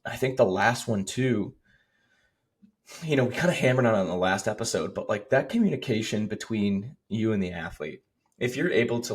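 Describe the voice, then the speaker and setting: A man who coaches strength, chatting casually on a podcast. His voice sits low and slightly husky. He rambles and restarts, filling gaps with "like" and "you know". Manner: relaxed, rambling, heavy on "like".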